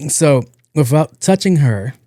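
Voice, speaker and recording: Mellow-voiced man telling a funny story. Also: fairly high pitch, a little slow, dry recording, studio quality. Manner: animated, acts out quotes, laughs at own story. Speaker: podcast host. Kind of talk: casual comedic storytelling.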